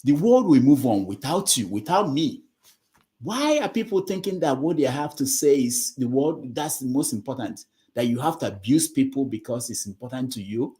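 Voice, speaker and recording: A man's voice: mid-range voice, expressive, normal speed, mellow. A middle-aged man hosting an online discussion, lecturing and scolding listeners while repeating himself. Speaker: host moderating an online discussion. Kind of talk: casual moderating talk.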